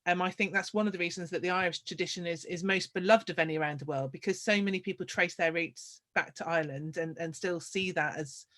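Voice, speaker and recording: A woman's voice: on the low side, fast, hardly any pauses, fairly bright tone. Thoughtful woman host, musing aloud. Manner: thoughtful, hesitant, restarts phrases. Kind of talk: conversational interview.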